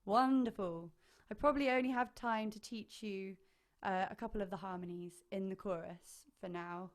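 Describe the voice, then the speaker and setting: A woman's voice: medium pitch, fairly even intonation, moderate pace. A woman choir leader teaching harmony parts online, chatty and enthusiastic, singing short phrases to demonstrate. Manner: enthusiastic, hesitant fillers.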